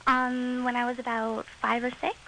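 Teen girl caller, super high little-kid voice, bright, says um a lot. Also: little pitch movement, normal speed, a little hiss or hum, low-quality recording. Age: teens. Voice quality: childlike high voice. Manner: hesitant, many "um"s. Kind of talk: call-in radio chat.

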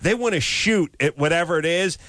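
A man's voice: on the high side, brisk, a bit bright, dry recording. A man hosting a comedic call-in radio show, ranting animatedly and acting out movie lines.

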